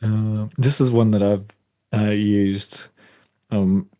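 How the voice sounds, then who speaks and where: A man co-hosting a podcast, talking in a relaxed, hesitant way with lots of fillers. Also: lowish voice, slow pace, no echo. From Australia. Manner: relaxed, hesitant with many fillers, laughs easily. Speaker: podcast co-host. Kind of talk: casual chat.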